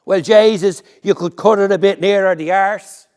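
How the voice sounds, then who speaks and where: A brash, cheeky old Dublin woman, as a man puts her on, haggling over meat. Her voice goes high and loud with indignation. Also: fairly even intonation, normal speed, clear, resonant tone, close to an everyday voice. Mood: indignant.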